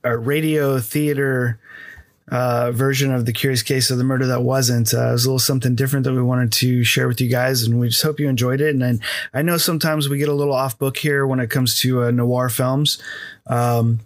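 A man's voice: mid-range voice, level tone, a little fast, no echo, studio quality. An American man hosting a casual podcast chat, rambling with lots of fillers and easy laughs. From United States. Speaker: podcast host.

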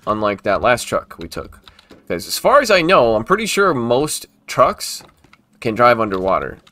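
A man's voice: medium pitch, big pitch swings, moderate pace, pushed and bright. A man casually commentating his own gameplay, talking to the game and breaking into exasperated outbursts. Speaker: gaming video host.

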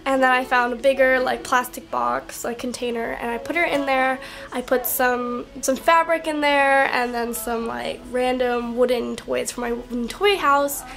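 High-voiced young woman rambling to camera. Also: steady tone, moderate pace, vocal fry, a bit bright. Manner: rambling, full of "like" and swearing. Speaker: vlogger. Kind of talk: casual storytelling to camera.

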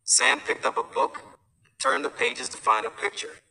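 A man reads a children's storybook aloud as host, his voice bright and lively with a gravelly edge. He sounds distant, as if the mic sits some way from him. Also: very high-pitched, moderate pace. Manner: lively, expressive read-aloud. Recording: voice from far off the mic.

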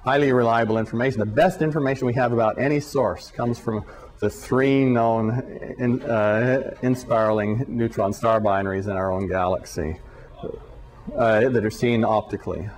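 A man giving a university physics lecture, speaking deliberately and haltingly, often repeating words, with dry sarcastic asides. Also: mid-range voice, steady tone, darkish tone.

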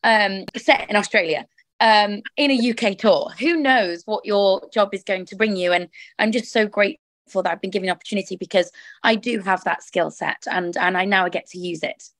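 A woman's voice: mid-range voice, moderate pace, a bit bright, dry recording. A woman, a musical theatre actress, chatting enthusiastically as a guest in an interview, often restarting her sentences. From England. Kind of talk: casual interview chat.

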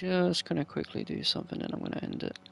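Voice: medium pitch, wildly swooping pitch, fast talker, vocal fry, a bit bright, slight background noise. A gameplayer chatting casually over a life-sim game, swearing freely and talking to the game characters.

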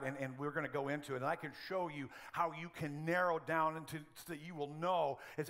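A middle-aged man preaching a sermon as pastor of a church, telling humorous stories in an animated way. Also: fairly high pitch.

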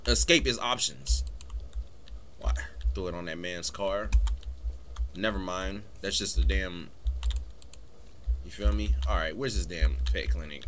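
Low-voiced man talking through a horror game. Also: a little slow, long pauses, a bit bright, slight background noise. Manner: talks to the game, swears and jokes through scares. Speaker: gaming streamer. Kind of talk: casual horror game commentary.

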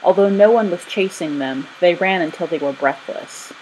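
A woman narrating a children's story in an expressive reading. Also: low voice, moderate pace, slight background noise, poor audio.

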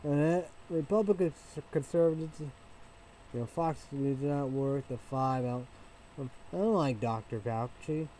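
Rambling man with a dark voice. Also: mid-range voice, a little hiss or hum, low-quality recording. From Illinois, United States. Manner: halting, repetitive, swings into loud excited shouting. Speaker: vlogger. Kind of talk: rambling casual rant.

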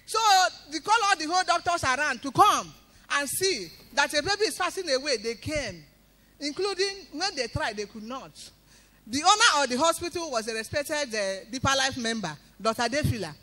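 A woman giving an emphatic spoken testimony in church, breaking into loud praise. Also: high-pitched, animated, moderate pace.

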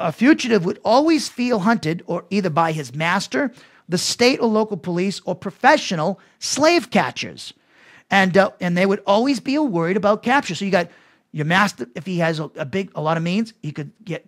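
A man teaching a Bible lesson as pastor, talking conversationally with restarts and asides to his listeners. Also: high-pitched.

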